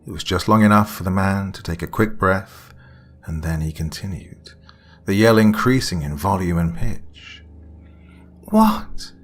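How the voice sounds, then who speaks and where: A man narrating a scripted horror story in a hushed, dramatic storytelling manner. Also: sits low, normal speed.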